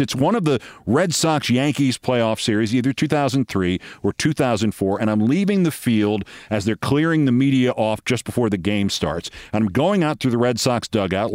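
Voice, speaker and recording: A man's voice: darkish tone, dry recording, clean studio sound. A middle-aged man hosting a show, telling a long anecdote in a conversational way and acting out the people he quotes. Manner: conversational, acts out quoted people with raised pitch. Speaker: show host. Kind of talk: storytelling monologue.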